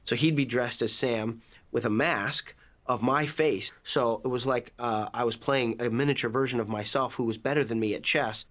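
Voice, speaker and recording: Man, mid-pitched, wry, joking, documentary interview. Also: fairly even intonation, moderate pace, a bit bright. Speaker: actor.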